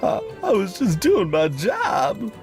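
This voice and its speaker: A man doing a gruff ogre-voiced bandit. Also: high voice, huge pitch swings, slow pace, a little mellow, faint music behind, pitched above the performer's own voice, full character voice. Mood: surly. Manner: coarse ogre-like voice, bad grammar. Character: gruff male bandit captive, surly and dim.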